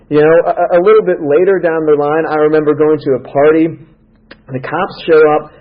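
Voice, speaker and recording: A man's voice: fairly high pitch, little pitch movement, fairly quick. A man speaking at a recovery meeting, telling a humorous personal story and acting out his own dialogue in a wry way. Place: club meeting room. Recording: dull lo-fi meeting recording.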